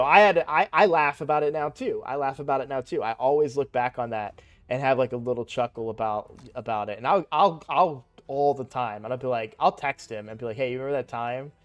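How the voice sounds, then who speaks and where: A man's voice: mid-range voice, fairly quick. A young man casually telling a personal story while playing a game, rambling with lots of fillers and restarts. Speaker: gaming streamer.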